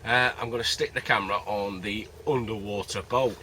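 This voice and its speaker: A man's voice: lowish voice, fairly even intonation, normal speed, pushed and bright. A man, rambling and joking in casual chat to camera while fishing at a lake. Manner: rambling, chatty, jokey. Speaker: carp angler vlogger. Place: outdoors by a lake, winter fishing camp. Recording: noisy outdoor recording.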